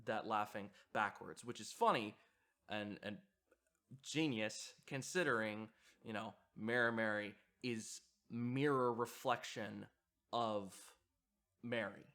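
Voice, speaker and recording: Fairly low-pitched with a sharp tone, this video essay host speaks slowly. He gives hesitant, reflective commentary on horror sound design, full of fillers and restarts.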